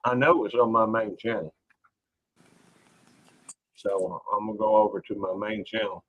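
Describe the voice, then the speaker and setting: A man's voice: lowish voice, normal speed, phone-quality sound. A man hosting a casual late-night livestream, rambling in a folksy way and greeting viewers by name. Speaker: livestream host.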